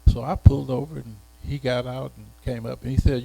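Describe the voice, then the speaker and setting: Gravelly, very dark-voiced man in his eighties. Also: mid-range voice, level tone, low-quality recording. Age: 80s. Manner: unhurried, halting, often repeats words. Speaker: retired educator being interviewed. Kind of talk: reminiscing personal story.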